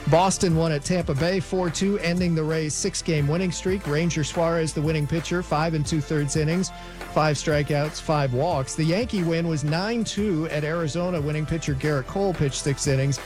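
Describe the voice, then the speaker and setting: Male sports update anchor, higher voice, brisk scores rundown, radio studio, music bed playing under him. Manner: brisk, matter-of-fact delivery of scores.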